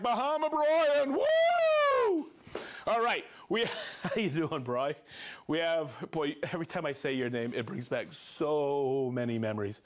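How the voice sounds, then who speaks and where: A man's voice: sits high, a bit bright. A man hosting a live tool show, chatting casually, demonstrating gear and cheerfully reading out viewer names. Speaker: show host demonstrating tools.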